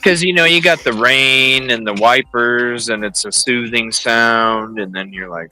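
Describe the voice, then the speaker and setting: A man hosting a livestream from his car in heavy rain, chatting in a relaxed, rambling way. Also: mid-range voice, measured pace, dry recording, faint music behind, low-quality recording. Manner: relaxed, rambling, thinks aloud. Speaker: livestream host. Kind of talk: casual chat while driving.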